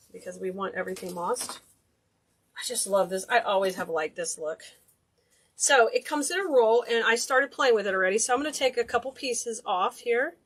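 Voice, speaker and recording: A woman's voice: fairly high pitch, fairly bright tone, slightly rough. A woman hosting a casual DIY craft tutorial, chatty and enthusiastic, gushing over cute details. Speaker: craft video host.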